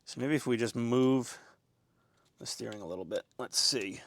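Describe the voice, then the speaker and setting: A man's voice: medium pitch, moderate pace, vocal fry, a bit bright, slight background noise. A man giving casual, rambling commentary as he builds a scale model, chatty and self-deprecating.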